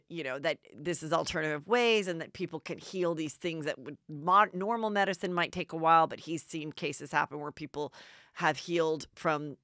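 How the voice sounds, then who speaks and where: A woman's voice: fairly low pitch, bright, forceful tone, clear, resonant tone, dry recording, clean studio sound. A middle-aged woman hosting a podcast, recapping gossip in a chatty way and acting out the quotes in put-on voices. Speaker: podcast host.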